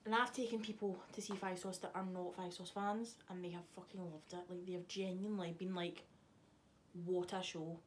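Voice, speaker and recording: A woman's voice: lowish voice, little pitch movement, brisk, hardly any pauses, a little hiss or hum. A young woman, chatting casually to camera in a vlog, swearing freely and teasing someone off camera. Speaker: vlogger. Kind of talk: casual chat.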